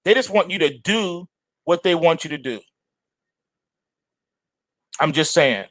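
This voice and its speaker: A middle-aged man hosting a market show, delivering a forceful, repetitive opinion monologue. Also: a little high, animated, measured pace, no room sound, rough recording. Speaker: trading show host.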